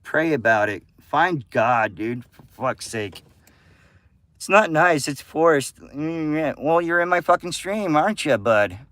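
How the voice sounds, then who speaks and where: A man streams live and argues with his chat, cursing freely in a combative, ranting way. His voice sits a little high and comes across forceful and tense. The sound is close and dry. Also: expressive, measured pace, no echo. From United States. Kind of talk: casual livestream chat with viewers.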